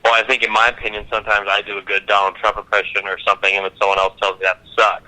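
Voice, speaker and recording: A man's voice: fairly low pitch, flat delivery, very fast, sharp tone, rough recording. A young man co-hosting a podcast, chatting in a rambling, laid-back way with casual swearing. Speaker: podcast co-host. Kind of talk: casual chat.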